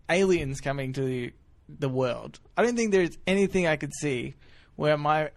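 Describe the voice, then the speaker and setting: A man co-hosting a podcast in casual chat, telling stories in an animated, jokey way. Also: on the high side. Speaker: podcast co-host.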